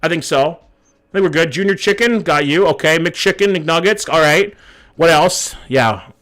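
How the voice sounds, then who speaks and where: Speaking at a moderate pace in a slightly high, somewhat bright voice, a man in his thirties streams live. He swears casually as he goes through chat, reading messages aloud and reacting to where people are from.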